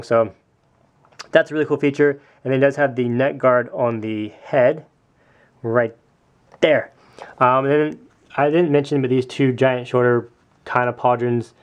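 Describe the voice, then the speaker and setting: A man's voice: medium pitch, clean tone, highs cut off. A young man walking through his custom toy figure in a casual show-and-tell vlog, chatty, with many ums and small self-corrections.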